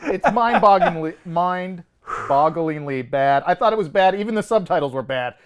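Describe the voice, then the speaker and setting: A man with a fairly high voice co-hosts a casual movie review show. His pitch jumps around a lot, and he laughs often as he pokes fun at the film. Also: moderate pace, smooth, highs cut off. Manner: animated, mocking, laughs often. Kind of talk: casual podcast debate.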